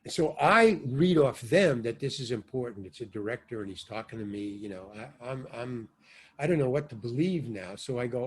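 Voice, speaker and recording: Husky older man telling rambling stories. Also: medium pitch, normal speed. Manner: rambling, animated storyteller with sudden loud and soft swings. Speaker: interview guest, actor and stand-up comedian. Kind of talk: casual anecdotal storytelling.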